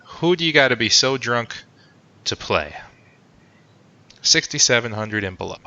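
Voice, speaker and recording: A man's voice: mid-range voice, animated, unhurried, bright, forceful tone, slight background noise. A man hosting a casual sports podcast, joking and rambling with lots of fillers. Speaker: podcast host. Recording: dull lo-fi sound.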